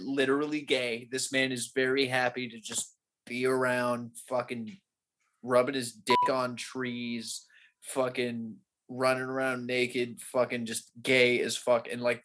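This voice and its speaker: A young man hosts a loose, casual chat and rambles through profane stories, laughing as he goes. His pitch sits at an ordinary middle level for a man. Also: a bit bright.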